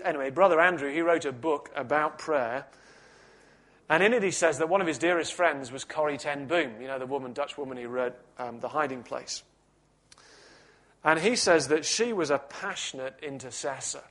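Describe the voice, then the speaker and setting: A man preaching a sermon in a measured, reflective teaching manner with touches of gentle humor. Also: fairly high pitch.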